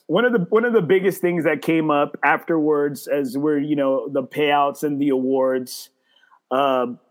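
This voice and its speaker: On his relaxed podcast, the host, whose voice runs on the high side, recounts a story at a measured pace. It's packed with cursing and stumbling false starts, and he puts on a mocking voice to quote other people.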